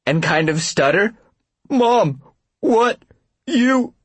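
Teasing young woman, read by a man, lively and lifted, husky edge. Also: a little high, measured pace, no room sound, pitched above the performer's own voice, full character voice.

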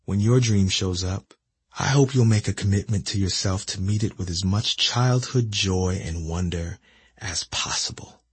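A man in his thirties from Philadelphia reads his memoir aloud in a reflective, measured way. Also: low-pitched, husky, no room sound. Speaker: narrator reading his memoir. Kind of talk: audiobook memoir narration.

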